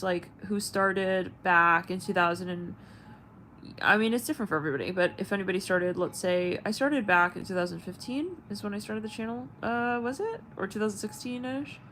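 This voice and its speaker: A woman who reads tarot and hosts a channel chats casually with viewers on a livestream, rambling, swearing, and groping for words with many fillers. Her voice is medium-pitched, fairly quick, and fairly bright, and the poor audio carries a little hiss or hum.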